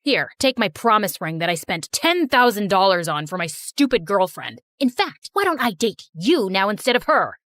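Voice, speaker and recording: A woman voicing a brash, scornful popular teenage boy in an animated story. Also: mid-range voice, moderate pace, hardly any pauses, no echo, studio quality, voice pushed down.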